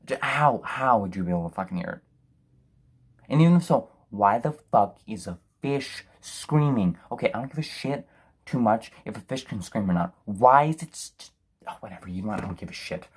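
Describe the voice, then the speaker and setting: Husky, sarcastic, ranting male film reviewer. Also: fairly low pitch, lively intonation, normal speed. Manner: sarcastic, profane, exasperated ranting.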